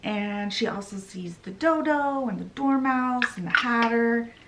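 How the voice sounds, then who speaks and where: A young adult woman giving a chatty, animated recap of a novel on her vlog. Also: on the high side, a little slow, low-quality recording. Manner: chatty, animated retelling with quoted voices. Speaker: book vlogger. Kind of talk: casual story recap.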